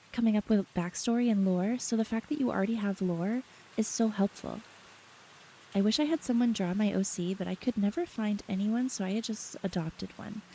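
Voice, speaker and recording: Soft-spoken giggly woman streamer. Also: mid-range voice, slight background noise, low-quality recording. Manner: soft, giggly, reads chat aloud. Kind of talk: casual late-night stream chat.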